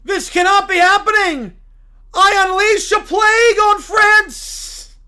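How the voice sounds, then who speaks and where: A woman voicing a furious male bear cult leader who shouts and wails melodramatically. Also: very high-pitched, fairly even intonation, slow, voice pushed up, full character voice. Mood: despairing.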